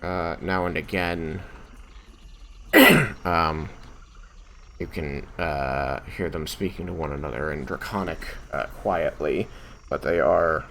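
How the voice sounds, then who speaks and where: A man narrating as game master for a tabletop game, measured and often pausing with fillers. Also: extremely low pitch, fairly bright tone, a little hiss or hum.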